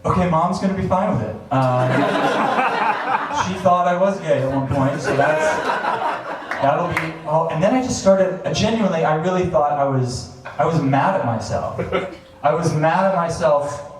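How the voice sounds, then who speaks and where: Man in his thirties with a somewhat high voice, animated storyteller on a live stage, recorded from afar in a very reverberant room. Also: a little slow. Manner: animated, acts out his own past thoughts with chuckles. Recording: very echoey, distant, faint hiss.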